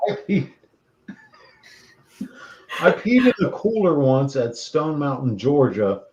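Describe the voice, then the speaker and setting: A man's voice: mid-range voice, sing-song, slow pace, a little mellow. Brief: campy, sassy male podcast host, cursing freely, roomy dull lo-fi sound. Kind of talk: casual chat, reading viewer comments.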